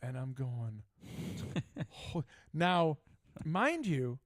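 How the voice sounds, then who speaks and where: A man's voice: a little high, extremely slow, dry recording, studio quality. Older man spinning casual stories. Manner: storytelling, animated, laughing asides. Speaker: host. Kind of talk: casual chat.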